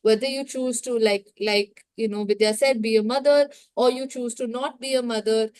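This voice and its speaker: A woman moderating a book club discussion, thoughtful and measured. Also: on the high side, fairly even intonation, darkish tone.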